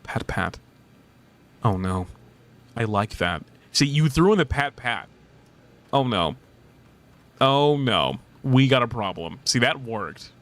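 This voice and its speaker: A man's voice: mid-range voice, expressive, slow, a bit bright. A man in his thirties streaming casually, reading chat aloud, playful and teasing, laughing often.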